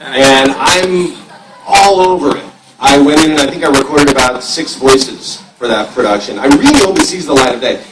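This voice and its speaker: A man who voices characters recounts a casting story in an even, unhurried manner, with a few stumbles. His voice comes from across a large, reverberant hall. A heavy hiss runs underneath. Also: mid-range voice. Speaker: voice actor on a convention panel. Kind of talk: panel storytelling. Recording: echoey hall, far off, loud hiss.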